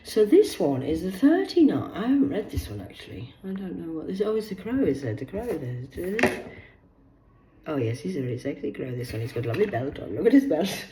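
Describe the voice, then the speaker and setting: A woman in her forties, losing her voice, who rambles, swears and swings between loud bursts and hushed asides as she hosts a solo chat. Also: on the low side, sing-song, brisk, roomy sound, noisy background. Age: 40s. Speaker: host. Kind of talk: rambling solo live chat reading aloud.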